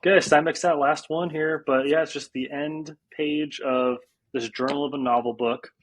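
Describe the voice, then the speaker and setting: A man's voice: on the high side, steady tone, moderate pace, slight background noise, poor audio. A man co-hosting a book podcast, chatting casually and reading quoted passages aloud with relish. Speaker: podcast co-host. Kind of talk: casual book-club chat.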